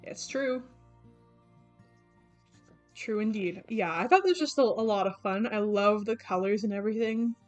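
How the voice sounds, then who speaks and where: A woman's voice: medium pitch, moderate pace, long pauses. A young woman talking through her sketchbook in a casual, rambling way, with lots of fillers and self-corrections. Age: young adult. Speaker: artist vlogger. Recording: faint background music. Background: background game music.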